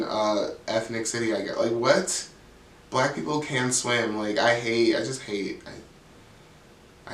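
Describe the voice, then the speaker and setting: A man's voice: mid-range voice, fairly bright tone, a little hiss or hum. A man giving a blunt, sassy recap of a reality TV episode, swearing freely and saying "like" all the time. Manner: sassy, blunt, profane, frequent "like". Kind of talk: casual commentary. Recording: echoey room, mic at a distance.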